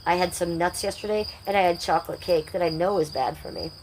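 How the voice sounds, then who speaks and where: A woman with a somewhat low voice hosts a casual livestream. She rambles and confides, talking straight to her viewers. A faint hum of noise sits under her voice. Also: fast talker, a little mellow, low-quality recording. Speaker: livestream host.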